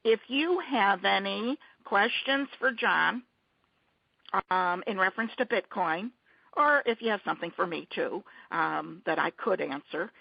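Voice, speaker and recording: Gravelly husky woman on a call. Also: mid-range voice, animated, dry recording. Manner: halting, many restarts and fillers. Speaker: conference call host. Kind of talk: casual teleconference hosting. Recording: muffled dry conference-call line.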